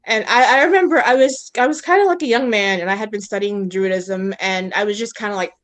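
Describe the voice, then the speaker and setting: A woman's voice: mid-range voice, brisk. A woman in a casual podcast chat who tells a story in a hesitant, matter-of-fact way, restarting often.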